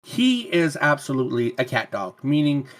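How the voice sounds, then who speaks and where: A man's voice: medium pitch, very animated, normal speed. A man co-hosting a podcast in casual chat, teasing and arguing with his friends. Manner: teasing, argumentative. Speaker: podcast co-host and streamer.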